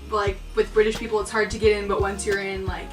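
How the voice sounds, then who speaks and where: A woman's voice: mid-range voice, level tone, quick pace. A teenage girl chatting casually with friends, with a playful, teasing manner. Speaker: exchange student, co-host. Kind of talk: casual chat. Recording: roomy, from far off, music behind.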